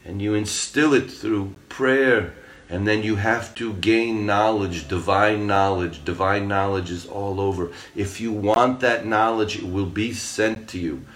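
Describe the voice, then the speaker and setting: A man's voice: lowish voice, unhurried, a bit bright. Earnest man telling a spiritual parable. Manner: earnest, storytelling, rambling. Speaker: spiritual speaker.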